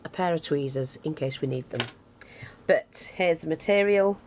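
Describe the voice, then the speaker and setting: A woman's voice: deep voice, a little hiss or hum. A woman giving a casual craft tutorial, chatty and self-deprecating, thinking aloud as she works close to the camera. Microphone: camera close to her hands, picks up breathing.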